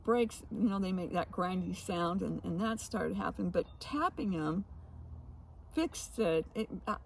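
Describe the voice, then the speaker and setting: A woman co-hosting a casual chat, telling odd stories with frequent laughs and halting restarts. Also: fairly low pitch, expressive, creaky, a little hiss or hum, rough recording. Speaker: co-host.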